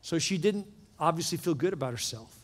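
A man preaching a sermon as pastor, telling a story earnestly and often dropping into soft, hushed passages. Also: fairly high pitch, animated, brisk. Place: church sanctuary with several campuses. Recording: long reverb of a large hall with music behind.

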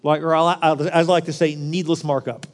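A man with a high voice preaches a sermon, ribbing the congregation in a loose, conversational way. His voice rings with the long reverb of a large hall. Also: fairly even intonation, a little fast. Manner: joking, conversational preaching with asides to the crowd. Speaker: pastor.

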